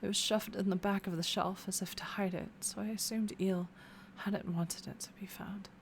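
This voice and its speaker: A woman reading a young game heroine's thoughts in a hushed, half-whispered voice. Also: medium pitch, fairly even intonation, moderate pace, a little hiss or hum, natural voice. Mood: wistful. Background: game music.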